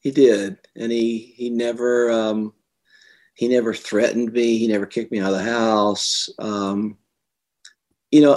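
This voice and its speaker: A middle-aged man, an author being interviewed, telling personal stories earnestly and getting animated when he quotes others. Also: mid-range voice. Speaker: author and guest. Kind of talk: conversational interview.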